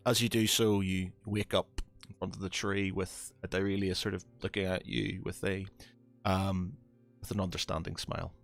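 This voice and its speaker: A man's voice: sits low, little pitch movement, normal speed, gravelly, faint music behind. A man running a tabletop game as game master, narrating with many ums and hesitations.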